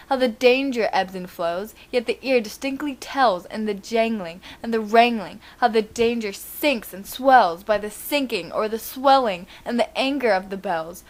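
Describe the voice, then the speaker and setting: A woman and student presenter giving a dramatic poetry recitation, building force on repeated refrains. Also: on the high side.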